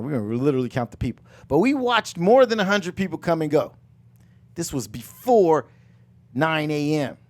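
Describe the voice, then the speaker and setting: A middle-aged man hosting a live finance coaching talk, loud and emphatic, repeating his phrases and mixing in jokes. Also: fairly high pitch, vocal fry. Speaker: real estate coach and show host.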